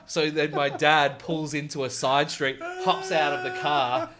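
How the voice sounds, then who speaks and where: A man's voice: on the high side, fairly even intonation, measured pace. Easygoing male co-host, laughs a lot, chatter in the background. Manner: laid-back, laughs often, shouts when quoting. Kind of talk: casual podcast chat.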